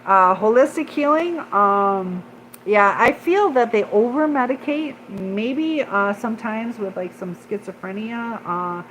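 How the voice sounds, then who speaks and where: A woman's voice: on the high side, fairly bright tone, slight background noise, poor audio. A woman hosting a casual livestream, rambling with many fillers as she reads and answers viewer comments. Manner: rambling, many fillers, pauses to read chat.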